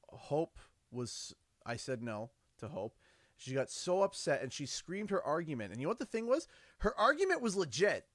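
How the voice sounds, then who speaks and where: Animated livestreamer with lively pitch. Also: male voice, no echo, studio quality. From Canada. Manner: animated storytelling, acts out his kids' and his own lines in quotes. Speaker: livestream host. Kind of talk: casual livestream chat.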